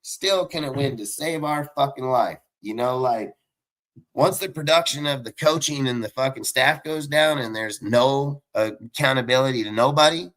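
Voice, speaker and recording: Swearing constantly, a man on a sports podcast panel fumes about his football team and wanders from point to point. He talks at a moderate pace in a mid-range, fairly bright voice.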